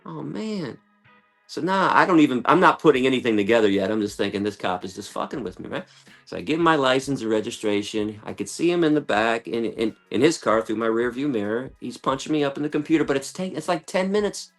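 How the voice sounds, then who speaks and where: A man telling a long story in conversation, animated and acting out other people's lines, with casual swearing. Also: mid-range voice, fast talker, faint music behind. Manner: animated, acts out quoted voices, swears casually. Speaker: guest, animal rights activist.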